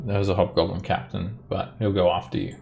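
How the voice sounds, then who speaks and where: A man narrating a tabletop game as dungeon master, relaxed and hesitant, with fillers. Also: low-pitched, a little fast, creaky, a little hiss or hum.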